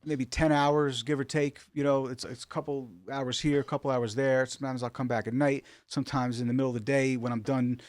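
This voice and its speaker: A man telling stories in a casual, animated way, with many fillers and restarts, recorded in a studio. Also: mid-range voice, brisk, hardly any pauses, no echo. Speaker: rug artist guest. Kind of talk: casual storytelling.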